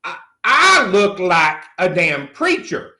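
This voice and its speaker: This middle-aged man's voice sits high and is very animated, slow and sharp, heavily acted. He hosts as a comedy character, riffing an improvised monologue as a crude, brash country type who swears freely and calls people honey, with a roomy echo around him.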